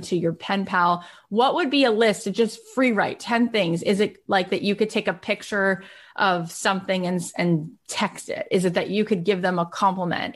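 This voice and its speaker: A woman in her thirties speaks to a live online class in a chatty, eager way, full of fillers and asides. Her voice sits mid-range and sounds plain and close. She jumps higher when she acts out what friends said. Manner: warm, enthusiastic, chatty with many fillers. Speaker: podcast host and coach. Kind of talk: live online workshop talk.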